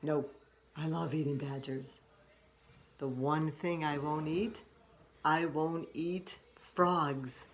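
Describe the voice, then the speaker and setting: Woman reading as a low, slow, playfully menacing wolf. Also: fairly even intonation. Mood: playful menace. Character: hungry boastful wolf, menacing but silly.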